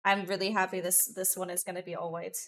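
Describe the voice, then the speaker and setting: A woman VTuber streamer chatting casually with her live viewers, excitable and profane, jumping between loud bursts and muttered asides. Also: fairly low pitch, quick pace.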